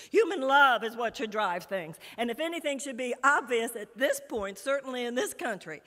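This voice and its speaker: A woman's voice: on the high side, fairly bright tone. A woman giving an impassioned, rousing speech at a conference, with emphatic repetition of phrases. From United States. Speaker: conference speaker. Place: large conference hall. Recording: echoey hall reverb.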